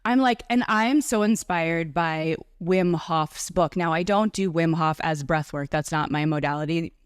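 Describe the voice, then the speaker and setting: Chatty, enthusiastic woman, low-pitched. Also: measured pace, clear, resonant tone, no echo, studio quality. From New York area. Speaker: guest, breathwork and Reiki facilitator. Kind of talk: casual conversational interview.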